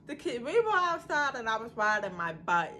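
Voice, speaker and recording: A woman vlogger telling a personal story in a casual, animated, conversational way. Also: on the high side, normal speed, slight background noise. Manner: animated, conversational storytelling with many "you know"s.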